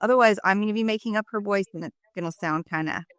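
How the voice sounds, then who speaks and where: Female podcast host, middle-aged, smooth voice, eager chatty manner, dry close sound. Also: medium pitch, a bit bright, no room sound. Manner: enthusiastic, chatty, quick asides. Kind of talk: casual interview chat.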